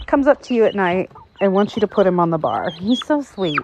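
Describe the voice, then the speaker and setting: A woman's voice: medium pitch, big pitch swings, fairly quick, hardly any pauses, background noise. A woman in her thirties who runs an animal rescue, chatting casually outdoors in the rain with many fillers and cooing at her birds. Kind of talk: casual vlog chat. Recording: dull lo-fi outdoor sound, faint rain and clucking.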